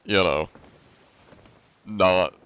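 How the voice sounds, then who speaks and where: On a live stream, a man chats casually in a flat monotone, with a very low, slightly raspy, not-smooth voice. He stretches out his words and relies heavily on fillers, and the audio comes across a bit dull and lo-fi.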